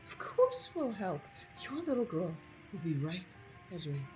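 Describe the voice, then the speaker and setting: A woman's voice: mid-range voice, big pitch swings, moderate pace, soft background music, pitched above the performer's own voice, lightly acted, rough recording. A woman voicing a big, motherly Nord woman who talks in a soothing, gushing way. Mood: teary.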